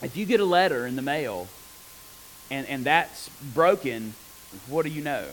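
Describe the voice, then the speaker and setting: A man preaching a conversational sermon on scripture, animated and often asking his listeners rhetorical questions. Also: mid-range voice, moderate pace, a little hiss or hum, low-quality recording.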